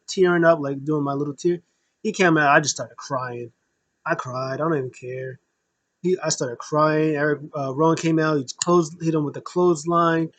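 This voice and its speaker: Man, fairly high voice, casual wrestling recap, rambling and emotional, dry close sound. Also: no echo. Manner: rambling, filler-heavy, emotional fan talk. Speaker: wrestling show reviewer.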